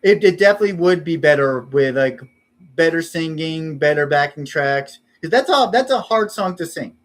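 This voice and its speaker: A man casually introducing his own song parodies, halting and correcting himself as he talks. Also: a little high, lively intonation. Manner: halting, self-correcting, unpolished. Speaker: amateur parody songwriter. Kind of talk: casual spoken intros between sung parodies.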